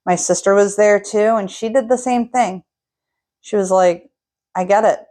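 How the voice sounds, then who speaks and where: A young woman casually telling a personal story, getting animated as she recounts an argument. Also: medium pitch, measured pace.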